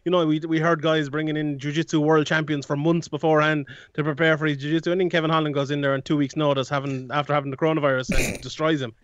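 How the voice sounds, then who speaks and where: A man's voice: fairly high pitch, flat delivery, fast, few pauses, no echo. Chatty man on a dull line. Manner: rambling, many restarts and fillers, laughs often. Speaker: MMA analyst guest. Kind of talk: casual sports analysis chat.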